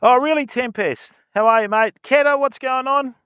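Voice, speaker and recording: Older Aussie bloke, fishing streamer: chatty, high-pitched, clean voice, greets viewers outdoors by a river. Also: male voice, normal speed, a bit bright, clear, resonant tone, no echo, studio quality. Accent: Australian. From Australia. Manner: chatty, greets viewers, fills talk with "mate" and "you know". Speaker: fishing livestreamer. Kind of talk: casual livestream chat.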